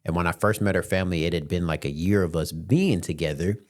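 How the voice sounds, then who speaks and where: A man's voice: low voice, lively intonation, quick pace, a little mellow. A man in his late twenties hosting a podcast, telling a story in a laid-back, slangy way with many fillers. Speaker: podcast host. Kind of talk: casual storytelling.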